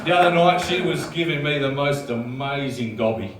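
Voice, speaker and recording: Crude Australian bloke doing stand-up. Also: male voice, mid-range voice, moderate pace, heavy background noise. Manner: blokey, crude, deadpan delivery. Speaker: stand-up comedian. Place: comedy club stage with live audience. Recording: roomy club sound from a distance.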